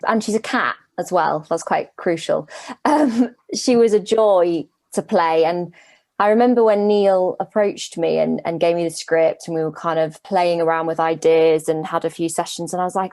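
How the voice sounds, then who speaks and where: An actress answering interview questions about her role over a video call, chatty and lively, laughing now and then. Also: fairly low pitch, normal speed, no room sound. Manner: lively, laughs while explaining.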